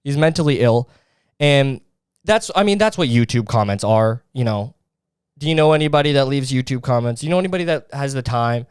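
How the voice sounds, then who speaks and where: A man's voice: mid-range voice, lively intonation, brisk, smooth, dry recording, studio quality. A man hosting a podcast, ranting in a crude, sarcastic and mocking way. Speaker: podcast host. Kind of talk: casual podcast rant.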